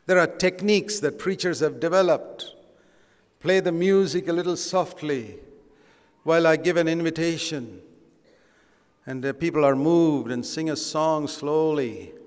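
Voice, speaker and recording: A man's voice: on the high side, a little slow. An older man preaching a sermon in an earnest, conversational way with emphatic stresses. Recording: long hall reverb.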